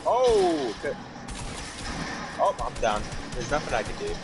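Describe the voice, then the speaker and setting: A man chatting casually while playing a game, lively and asking questions. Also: fairly high pitch, unhurried, vocal fry, over music.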